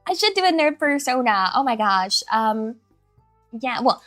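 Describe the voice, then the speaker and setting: Giggly, scattered woman streamer, bright voice. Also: fairly high pitch, big pitch swings, unhurried, no room sound, soft background music. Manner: giggly, scattered, self-deprecating, many restarts. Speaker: streamer, virtual avatar host. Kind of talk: casual live-stream chat.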